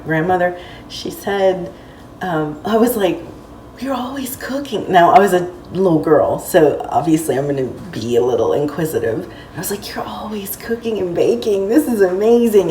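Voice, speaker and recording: A woman's voice: low voice, darkish tone, slight background noise. A woman telling personal stories in a casual vlog, rambling and heartfelt, with many fillers. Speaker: vlogger. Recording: roomy, distant mic, faint ambience.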